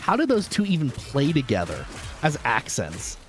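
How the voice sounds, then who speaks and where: Male vtuber host, American, playful and bouncy delivery, mid pitch. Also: moderate pace, soft background music. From United States. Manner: jokey, animated, chatting with viewers. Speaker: vtuber streamer. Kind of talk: casual live-stream chat while gaming.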